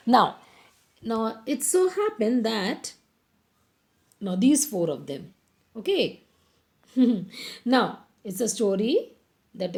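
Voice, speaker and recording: A woman teacher, telling a story to young children, explaining slowly and asking the class questions. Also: medium pitch, darkish tone.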